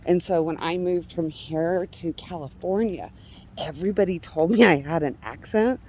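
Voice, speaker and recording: A woman's voice: lowish voice, normal speed, mellow. A woman from Colorado, chatting casually in a walking vlog outdoors on a residential street, laughing often and cursing now and then. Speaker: vlogger. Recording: faint street noise outdoors. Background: passing traffic.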